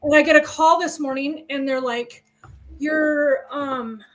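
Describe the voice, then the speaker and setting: A woman chats on a livestream, openly telling personal stories with emotion close to the surface. Her voice is somewhat high, with a faint hiss in the background. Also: steady tone, unhurried, rough recording. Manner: candid, emotional storytelling. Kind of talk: casual personal chat.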